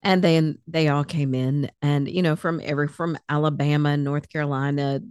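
A woman's voice: deep voice, fairly even intonation, moderate pace, a little mellow, smooth, dry recording, clean studio sound. A middle-aged woman co-hosting a podcast, chatting casually with wry, understated storytelling. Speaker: podcast co-host. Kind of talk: casual chat.

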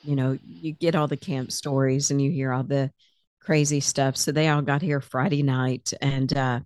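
Woman, deep voice, dry recording, podcast co-host, wry casual chat. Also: flat delivery, normal speed, a little mellow, no echo.

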